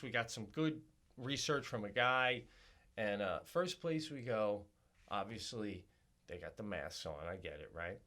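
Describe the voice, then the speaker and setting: A man co-hosting a podcast, telling a profane comedic story and breaking into laughter as he gets worked up. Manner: animated, profane, voice climbing high and loud when worked up; laughs while telling stories. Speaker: podcast co-host.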